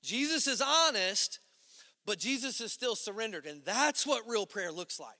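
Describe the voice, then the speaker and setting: A man preaching a sermon as pastor, in a conversational style that swings between loud emphatic lines and hushed low ones. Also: lively intonation, moderate pace, big-room sound.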